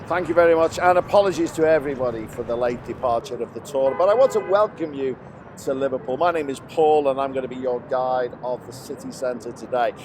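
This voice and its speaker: A man's voice: mid-range voice, brisk, noisy background. A man acting as a city tour guide in a comedy sketch, explaining landmarks politely and patiently outdoors.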